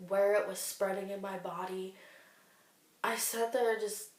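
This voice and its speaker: A woman in her twenties, talking earnestly and warmly about her faith in a personal video diary. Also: medium pitch, steady tone, a little slow. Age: 20s. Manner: earnest, heartfelt, faith-filled. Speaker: vlogger sharing a cancer diary. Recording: echoey room, distant mic.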